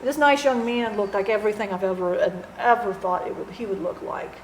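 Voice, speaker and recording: A woman channeling a departed friend, telling her story in an earnest, halting way with many restarts. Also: mid-range voice. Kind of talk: spiritual channeling testimony. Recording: roomy echo, faint background noise.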